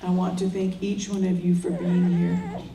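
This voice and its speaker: Her voice on the low side, creaky and mellow, an older grieving mother speaks at normal speed with a completely flat delivery. She offers a slow, heartfelt memorial speech of earnest, prayerful words in short, solemn phrases, recorded from far off in a roomy space with a little hiss or hum.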